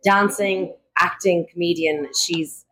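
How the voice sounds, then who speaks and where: Woman musician on a podcast, earnest, kinda low voice. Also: fairly even intonation, takes it slowly, fairly bright tone, rough recording. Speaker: musician guest. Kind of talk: casual interview chat.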